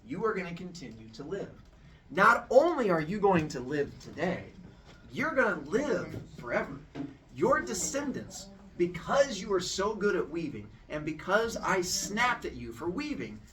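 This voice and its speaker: A proud, bossy goddess with a raised, lively voice, as a man puts her on. She gives orders in a commanding, exaggerated way, with a bright edge and swooping pitch. The voice sits away from the mic. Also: a little slow, distant mic. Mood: solemn. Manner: commanding, exaggerated, breaks into shrieks. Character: proud female goddess, bossy and quick to anger.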